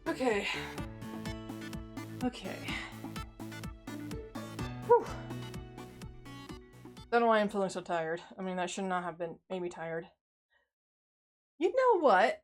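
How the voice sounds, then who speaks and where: Her medium-pitched voice is sing-song and unhurried, with many pauses and faint music behind it. Worn out and breathless after working out, this streamer rambles through casual live-stream chat, sighing a lot and being self-deprecating.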